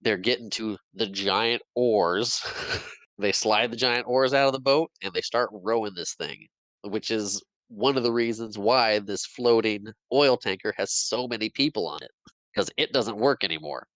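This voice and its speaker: A man's voice: on the low side, unhurried, fairly bright tone, no room sound, poor audio. A man on a podcast casually retelling a movie plot, jumping into quoted lines and laughing often. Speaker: podcast co-host recapping a movie. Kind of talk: casual chat.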